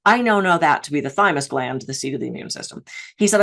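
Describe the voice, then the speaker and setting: A woman's voice: sits low, expressive, fast, gravelly, a bit bright. A woman from the Pittsburgh area giving a keynote on stress, telling personal anecdotes with playful, self-mocking humor. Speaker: keynote speaker on stress management.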